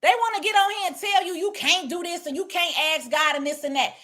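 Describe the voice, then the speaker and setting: A woman's voice: extremely high pitch, brisk, bright, forceful tone. A woman speaking blunt, preachy casual talk, lecturing her viewers. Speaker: online commentator. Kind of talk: casual direct-to-camera talk.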